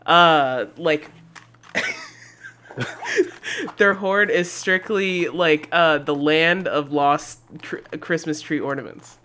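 A young man co-hosting a podcast in casual chat, animated and laughing often, swearing freely and calling his co-host "dude". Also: fairly high pitch, takes it slowly, long pauses, slight background noise.

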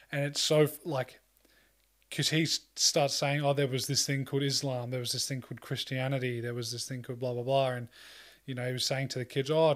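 A man talking casually in a rambling way, full of fillers and swearing, acting out quoted lines. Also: mid-range voice. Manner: acts out quoted lines in a loose voice. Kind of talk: casual chat.

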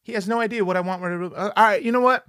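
A man telling a comedic story at his desk, profane and animated, acting out the people in it. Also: high-pitched, rapid-fire, no echo, clean studio sound. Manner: animated, profane, acts out voices.

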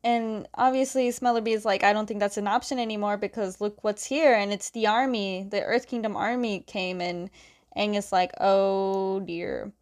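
A woman talks through a story recap in a loose, chatty way, quoting each character in turn with "and she's like." Her voice sits at an ordinary middle pitch, and she breaks into small laughs as she goes. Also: fairly even intonation, normal speed. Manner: chatty, strings quotes with "is like", laughs often. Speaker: comic book recapper.

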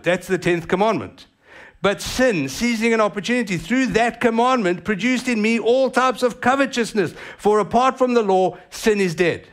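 Animated preaching man, raised pitch. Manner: animated preaching with quick asides. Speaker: pastor. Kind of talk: sermon.

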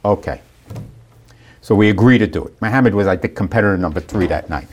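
A man casually telling a long, animated story and acting out the people in it. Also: fairly low pitch, fast, husky. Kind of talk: casual anecdote.

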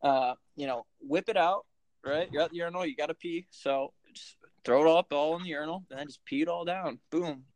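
A man's voice: a little high, fairly quick, darkish tone. A man in casual chat, trading crude jokes and anecdotes. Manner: crude, joking banter.

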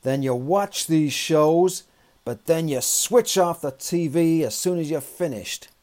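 A man putting on a slow, emphatic Southern drawl to imitate an older American motivational speaker. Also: on the high side, darkish tone, pitched above the performer's own voice. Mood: preachy. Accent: American Southern, poorly imitated.

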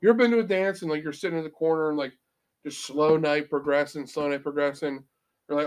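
A man's voice: a little high, steady tone, quick pace, clean tone. Brash, joking male sports podcaster. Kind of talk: casual sports banter.

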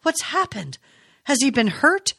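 A woman's voice: sits high, sing-song, measured pace, vocal fry, pushed and bright, no echo, pitched above the performer's own voice, heavily acted. A brash, hot-tempered grown son with a blunt, coarse way of talking, as a woman reads him aloud. His voice leaps up when he is riled, and the sound is dry and close. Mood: worried.

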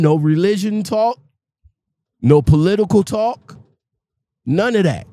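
A man hosting a loose, casual conversation, hammering his points home by saying them twice. His voice sits a touch high but sounds dark and mellow. The sound is dry and close. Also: no echo. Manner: emphatic, repeats himself, many "you know"s. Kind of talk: casual interview chat.

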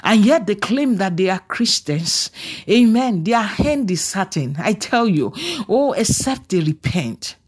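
A woman pastor preaching a fervent sermon that rises to shouted declarations. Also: mid-range voice, sing-song, a little slow, husky.

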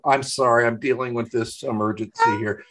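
A man co-hosting a podcast from his home office, chatting casually and telling animated anecdotes. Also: mid-range voice, moderate pace, noisy background. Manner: animated storyteller, acts out voices in his anecdotes. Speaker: podcast co-host. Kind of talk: casual chat.

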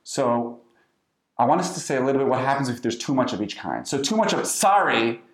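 Male podcast co-host, quick, explanatory and playful, with a roomy echo on the voice. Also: mid-range voice, expressive. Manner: explanatory, playful, acts out sarcastic apologies. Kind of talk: casual podcast chat.

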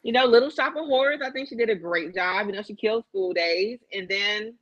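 A woman's voice: mid-range voice, fairly quick, no room sound, highs cut off. A woman co-hosting a casual podcast, telling a gossip story with lots of profanity, quoted voices and laughter. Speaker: podcast co-host.

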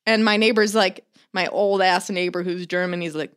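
A woman's voice: lowish voice, little pitch movement, brisk. A woman in casual chat, swearing freely and mimicking people as she tells stories.

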